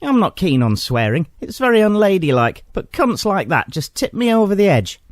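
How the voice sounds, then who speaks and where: A man's voice: high voice, very animated, moderate pace, no echo, clean studio sound, pitched above the performer's own voice. A man voicing a prim, indignant mother who complains to a shop clerk and slips into swearing. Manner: indignant, genteel then sweary.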